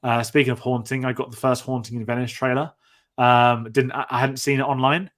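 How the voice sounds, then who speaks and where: Bloke hosting a movie podcast, medium voice, chatty and rambly. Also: male voice, mid-range voice, level tone, a little fast, fairly bright tone. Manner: chatty, rambling, restarts often. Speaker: podcast host. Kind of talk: casual film-review chat.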